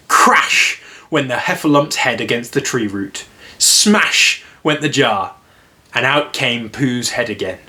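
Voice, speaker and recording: A man with a mid-range voice gives a relaxed reading of a storybook, then chats about the story. He keeps it gentle and easygoing, laughing easily.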